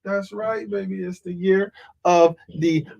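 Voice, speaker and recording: A high-voiced man opening a live comedy show with loud hype energy. He repeats his greetings and catchphrases over and over, talking straight to his audience. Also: measured pace, vocal fry, muffled recording. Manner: energetic, repeats call-outs and hype phrases. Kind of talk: hyped-up live show hosting.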